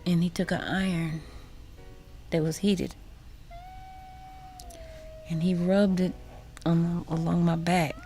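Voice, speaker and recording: A woman telling a personal story as a radio guest, halting and repeating words, sometimes dropping to a whisper. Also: on the low side, flat delivery, mellow, faint music behind. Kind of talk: personal testimony in a radio interview. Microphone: studio microphone.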